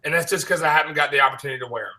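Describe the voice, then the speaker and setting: A man hosts a laid-back sneaker podcast with a very bright, ringing tone. His voice sits a bit high, and he talks loosely, cursing and joking with his co-hosts. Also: racing, rough recording. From American South. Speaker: podcast host. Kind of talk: casual chat.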